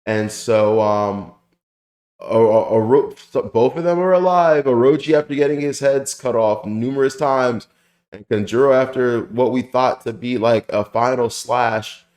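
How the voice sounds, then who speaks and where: A young man hosting a casual review channel, rambling excitedly with lots of fillers and the odd swear word. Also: mid-range voice, measured pace. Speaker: anime review channel host. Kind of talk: casual spoken manga chapter review. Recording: roomy echoey room.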